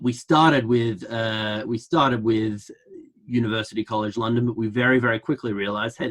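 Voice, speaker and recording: Fields: Sex: man. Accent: Australian. Pitch: lowish. Style: joking online lecture. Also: fairly bright tone. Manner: flippant, joking.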